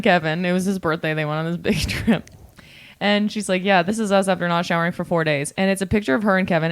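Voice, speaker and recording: A woman co-hosting a podcast in casual chat, rambling with many fillers and giggles, her voice lower from the morning. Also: no echo. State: morning voice, lower than usual. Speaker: podcast co-host.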